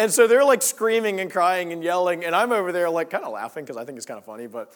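A man preaching a sermon in a conversational, storytelling way, dropping to hushed lines and rising to emphatic ones. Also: fairly high pitch, lively intonation, fast, few pauses.

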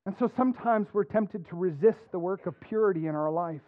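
A man preaching a sermon as a pastor, earnest, dropping soft and then rising to emphatic points. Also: sits high, a little fast, no room sound. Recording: dry phone-like narrow sound.

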